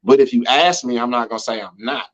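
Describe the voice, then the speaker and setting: This American man talks fast in a mid-range, fairly bright voice, and the recording's highs are cut off. As an interview guest he tells stories casually, loose and slangy, constantly checking in with "you know what I'm saying."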